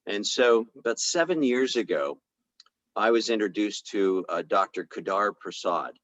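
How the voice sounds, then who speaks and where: Man, very low voice, conversational storytelling, acts out quotes, dull lo-fi recording. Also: animated, a little slow, fairly bright tone, no room sound. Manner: conversational, retells dialogue with fillers. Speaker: chiropractor speaking on a health podcast. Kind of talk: casual storytelling talk.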